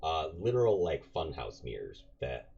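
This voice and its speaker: A man's voice: extremely low pitch, big pitch swings, normal speed, vocal fry, darkish tone, breathy edge. A man running a tabletop game as game master, narrating in a loose, rambling way with many fillers. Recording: dull lo-fi recording with faint noise.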